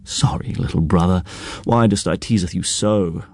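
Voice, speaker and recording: A man voicing a cocky young man who teases his younger brother in a croaky, crowing voice. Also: low-pitched, normal speed, dry recording, clean studio sound. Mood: teasing. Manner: mocking, showy, theatrical.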